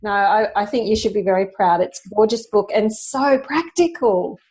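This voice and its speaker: A woman with an Australian accent co-hosting a casual podcast, bubbly and quick to laugh. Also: mid-range voice, a little mellow. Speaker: podcast co-host.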